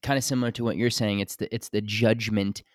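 Podcast host, male, low voice, dry close sound, candid and loose, swears freely. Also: fairly even intonation, fast talker, no room sound. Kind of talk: casual conversation.

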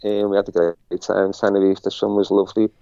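A middle-aged man with a Liverpool accent tells a story in a casual interview. His voice is mellow and dark, and he rambles and repeats himself. The recording is dry and a little dull and lo-fi. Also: on the low side, level tone, fast talker, gravelly, no echo. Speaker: interview guest. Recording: dull lo-fi sound.

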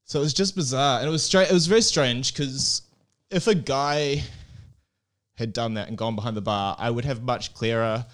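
A man in a mid-range voice co-hosts a casual conversation. He tells his story in an unhurried, rambling way, peppered with "uh" and "like". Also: medium pitch, fairly bright tone. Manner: easygoing, rambling anecdotes with many fillers. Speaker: comedy club co-owner and podcast co-host. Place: comedy club in Barcelona.

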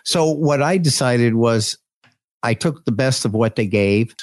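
A man's voice: medium pitch, no echo, studio quality. A man producing his own radio show, speaking hesitantly and agreeably in a casual podcast chat. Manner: hesitant, agreeable, halting phrases.

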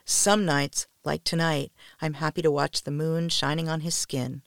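A woman storyteller on a podcast reads a first-person story softly and intimately, often close to a whisper, in a gravelly, low voice. Her delivery is flat and unhurried, recorded in studio quality without echo.

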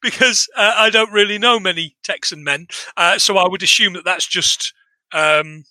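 Podcast co-host, a man, high and very bright voice, sweary, exasperated, dry close mic. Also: moderate pace, no echo. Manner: sweary, exasperated, rambling with restarts. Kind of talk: casual comedic film review chat.

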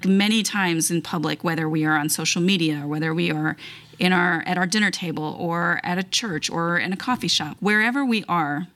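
A woman reading a long Bible passage aloud, then leading an earnest, measured spoken prayer. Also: lowish voice, fairly bright tone. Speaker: scripture reader leading prayer.

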